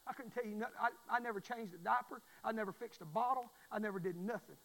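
A man preaching a fervent sermon in a church, repeating his phrases and swelling into loud pleas. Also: sits high, quick pace, creaky, long reverb tail, low-quality recording. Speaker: pastor.

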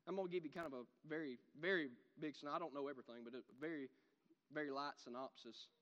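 A man preaching a sermon, animated, swinging from loud shouts to quiet asides. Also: on the high side, quick pace, in a large hall, muffled recording.

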